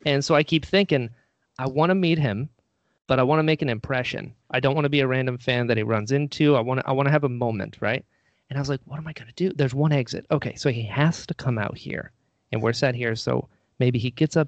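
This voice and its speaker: A man's voice: mid-range voice, quick pace, no room sound, highs cut off. A man telling a story in casual chat, animatedly acting out what people said.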